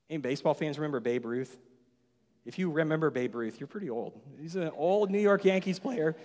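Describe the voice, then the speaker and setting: A man delivering a sermon from a church stage with a slightly high voice. He moves between quiet, intimate asides and animated, emphatic storytelling. Long reverb from the sanctuary trails each phrase. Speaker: pastor.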